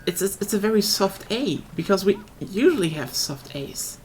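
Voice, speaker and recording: A woman's voice: medium pitch, animated, normal speed, a little mellow, slight background noise. A young woman with a German accent, chatting casually and rambling on a live stream, swearing now and then.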